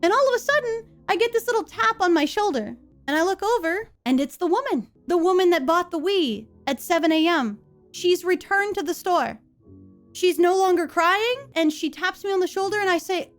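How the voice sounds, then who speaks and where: A woman streamer telling a comedic story from her life in an animated, expressive way. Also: very high voice, normal speed, faint music behind.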